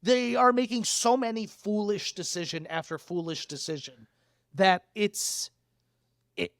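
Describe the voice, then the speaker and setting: A young man co-hosting a casual podcast, animated and quick to laugh and swear. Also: high voice, no room sound, studio quality. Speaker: podcast co-host.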